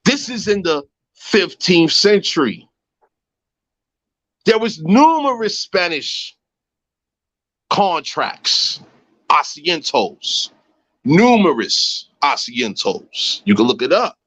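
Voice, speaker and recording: A man in his thirties hosting a casual livestream chat, talking in an animated, slangy way. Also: a little high, slow, pauses often, dry recording. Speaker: host. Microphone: phone.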